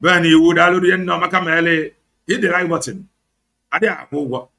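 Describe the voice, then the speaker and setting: On his online show, a Nigerian man with an Igbo accent delivers heated political commentary, switching between English and Igbo with biting sarcasm. His voice is gravelly, bright and a little high, with fairly even intonation and a fast delivery.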